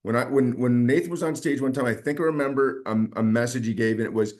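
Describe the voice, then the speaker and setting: A man's voice: medium pitch, quick pace, darkish tone. Enthusiastic man hosting a team call. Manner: enthusiastic, rambling storytelling.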